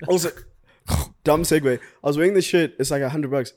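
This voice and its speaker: A young man with a South African accent telling a long, animated story in casual chat, slangy and swearing freely. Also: fairly high pitch, brisk.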